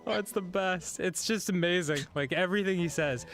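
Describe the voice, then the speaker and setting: A man's voice: high voice, brisk. A man telling a funny anecdote in a chatty, laughing way, heard as a clip played on a stream. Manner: chatty, laughing, quotes people in voices. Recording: quiet clip played on a stream, music behind.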